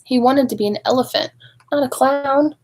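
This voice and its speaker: A woman reading a picture book aloud to young children, expressive and adding chatty asides to her listeners. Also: sits high, moderate pace, poor audio. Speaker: storybook reader at a speech clinic.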